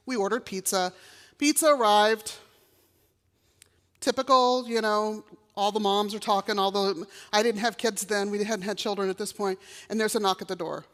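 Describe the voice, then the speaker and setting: A middle-aged woman from Texas, giving a personal testimony in a chapel and acting out the voices she quotes. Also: on the high side. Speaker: chapel speaker. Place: college chapel. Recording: long reverb of a chapel hall.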